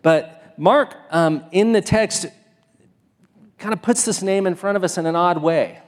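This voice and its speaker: A man's voice: high voice, unhurried, in a large hall. A man preaching a sermon as pastor, talking in a conversational way with frequent fillers and restarts.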